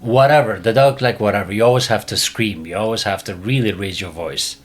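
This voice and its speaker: Emphatic man hosting a podcast. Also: brisk. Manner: emphatic and repetitive, drops voice low and quiet often. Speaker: podcast host, dog trainer. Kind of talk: casual podcast talk.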